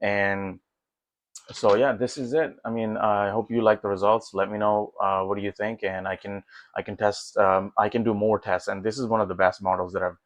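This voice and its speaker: Low-voiced man rambling through a tech demo. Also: normal speed, dry recording. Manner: rambling, many fillers and restarts; excited, easygoing. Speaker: tech vlogger. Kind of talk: casual walkthrough commentary.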